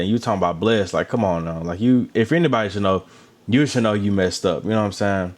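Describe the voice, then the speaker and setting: Low-voiced guy, chatty and animated, recapping a dating show. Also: fast talker. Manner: animated, chatty, with asides about drinking water and lotion. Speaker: reality show recap host. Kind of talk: casual recap commentary.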